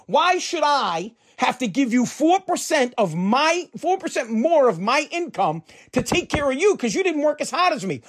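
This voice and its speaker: A man delivering a heated, profane political rant, fired up and repeating himself. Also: very high-pitched.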